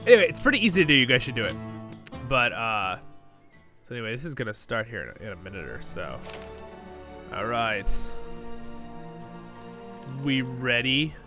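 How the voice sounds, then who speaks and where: A man's voice: medium pitch, normal speed, long pauses, over music. A sleepy man hosting a gaming channel, chatting casually at his computer into a new microphone and chuckling often. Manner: relaxed and rambling, chuckles often. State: sleepy, just woke up. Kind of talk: casual gameplay commentary. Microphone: new desktop microphone.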